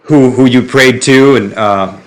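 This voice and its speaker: A man with a voice of ordinary pitch chimes in on a casual podcast. He talks reflectively and haltingly, often restarting his sentences. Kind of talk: casual discussion.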